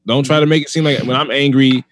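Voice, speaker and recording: A man's voice: medium pitch, fairly even intonation, quick pace, dry recording. A man, a comedian, talking in a casual chat, arguing his point emphatically and repeating himself as he goes.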